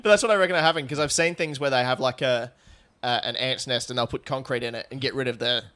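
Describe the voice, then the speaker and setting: A man's voice: medium pitch, quick pace, fairly bright tone. A young man co-hosts a comedy podcast in loose, crude banter. He swears freely and laughs often as he riffs on the topic. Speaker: podcast co-host. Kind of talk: casual comedic chat.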